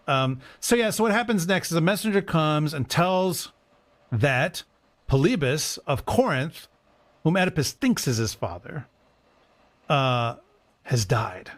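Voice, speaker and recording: A man's voice: on the high side, very animated, measured pace. A man co-hosting a casual discussion, reading verse passages aloud with rising emphasis. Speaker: podcast co-host, priest.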